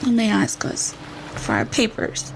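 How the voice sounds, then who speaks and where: A woman's voice: medium pitch, measured pace, creaky, background noise. A woman guest telling a story with feeling, acting out the things people said and swearing as she goes. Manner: animated, re-enacts quoted dialogue, swears. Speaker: podcast guest recounting events. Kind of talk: emotional storytelling.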